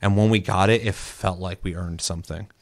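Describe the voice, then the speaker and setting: Profane, lower-voiced man telling gaming stories. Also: brisk, creaky. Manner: profane, storytelling, animated quoting. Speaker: co-host. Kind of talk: casual gaming chat.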